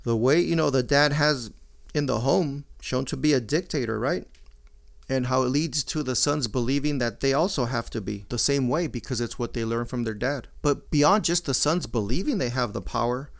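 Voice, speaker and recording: A middle-aged man, his voice gravelly with fry. He talks in a casual, blunt monologue full of swearing and Spanish slang. His pitch sits in an ordinary middle range. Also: moderate pace. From Mexican-American. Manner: profane, blunt, mixing Spanish slang into English.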